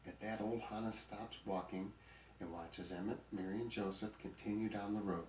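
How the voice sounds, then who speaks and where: A man narrating a children's storybook in an even, plain-spoken way. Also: lowish voice, moderate pace, slight background noise. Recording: roomy recording, mic at a distance.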